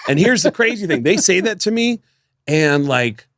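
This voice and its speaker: A man co-hosting a podcast, telling a long story in casual chat, often laughing and jumping his voice up high for quoted lines. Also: big pitch swings, moderate pace, a bit bright, no room sound, clean studio sound. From United States. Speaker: podcast co-host.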